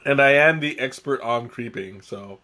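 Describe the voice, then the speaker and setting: A man's voice: mid-range voice, normal speed, bright, forceful tone. A young man hosting a live tea tasting stream, chatting casually in a rambling way with restarts and chuckles.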